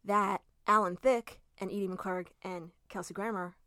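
A young woman, a podcast guest, chatting in a relaxed, conversational way about a film. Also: mid-range voice, a little slow, no echo, clean studio sound. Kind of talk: casual chat recapping a film.

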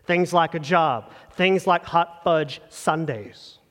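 Male pastor, higher voice, earnest conversational sermon, church hall reverb. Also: slow, fairly bright tone. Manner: earnest, conversational preaching with direct address. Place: church sanctuary.

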